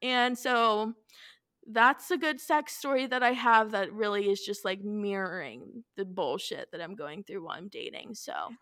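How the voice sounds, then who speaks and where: A young woman in her twenties telling a story in casual chat, animated and swearing freely. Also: medium pitch, unhurried.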